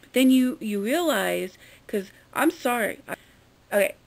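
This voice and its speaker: Woman vlogger just talking to the camera, kinda high voice, blunt, swears a lot, rambles. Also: animated, measured pace, gravelly. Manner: chatty, addresses viewers directly. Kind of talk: casual chat to camera.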